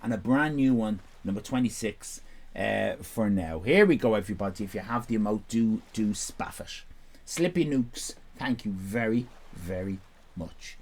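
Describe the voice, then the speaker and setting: Male streamer, rambling and self-mocking, very animated pitch. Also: moderate pace. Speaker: live streamer. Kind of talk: casual live-stream chat.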